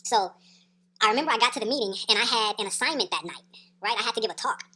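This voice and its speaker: A woman's voice: a little high, expressive, fast talker, bright, forceful tone. A woman telling a wild personal story in a casual, profane, slangy way, tagging her sentences with "right?" and laughing between beats. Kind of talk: casual story time monologue.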